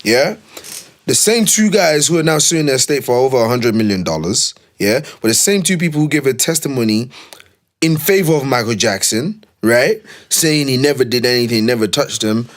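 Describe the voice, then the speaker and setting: A man's voice: mid-range voice, animated, moderate pace. A man co-hosting a casual podcast, insistent and teasing, often talking over his partner. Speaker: podcast co-host. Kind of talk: casual chat.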